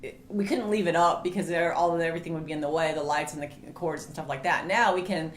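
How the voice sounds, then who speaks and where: A woman's voice: low-pitched, quick pace. Chatty woman in an echoey room. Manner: chatty storyteller, animated quoting voices. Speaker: co-host of marriage ministry videos. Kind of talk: casual chat. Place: home studio room. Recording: roomy echo, faint hiss.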